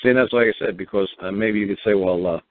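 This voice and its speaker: A man's voice: fairly low pitch, fairly even intonation, fast talker, dry recording. A man from New hosts a call-in show, blunt and profane, firing off repeated rhetorical questions. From New York. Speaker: radio show host. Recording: dry, tinny phone-line sound.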